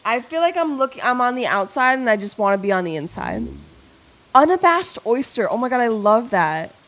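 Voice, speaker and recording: A woman's voice: fairly high pitch, big pitch swings, moderate pace, a bit bright. A young woman streamer chatting casually with her chat, playful and rambling, swearing freely and reading messages aloud.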